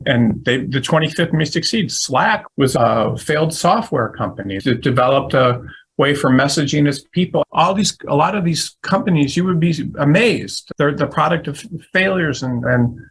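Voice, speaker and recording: A man's voice: mid-range voice, a bit bright, slightly rough, poor audio. A middle-aged man giving a casual webinar talk, telling stories with many restarts. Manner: rambling storytelling with frequent restarts. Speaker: legal recruiter giving a webinar.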